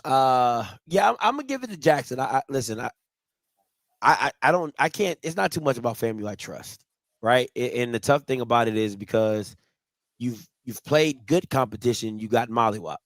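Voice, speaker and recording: A man hosts a college football talk show in a lively, sing-song voice, running the questions and weighing the matchups. The sound is dry and close to the mic. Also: medium pitch, moderate pace, no room sound. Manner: lively, leads the segments, asks the questions. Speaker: host. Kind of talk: sports talk show hosting.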